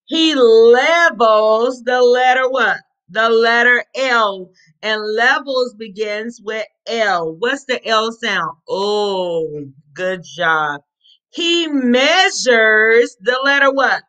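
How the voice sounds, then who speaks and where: A woman teacher leads a phonics read-aloud for little kids, sounding out each letter slowly and cheering the children on. Her voice is bright and fairly high, and she takes her time. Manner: encouraging, drawn-out letter sounds, sing-song prompts.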